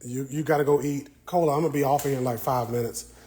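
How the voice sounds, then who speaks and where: A man chats with his live-stream viewers in a relaxed, playful way, teasing them as he goes. His voice sits at an ordinary pitch and is picked up on a phone inside a quiet library, with a faint hiss in the background. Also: fast talker, low-quality recording. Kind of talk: casual live-stream chat. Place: indoor library.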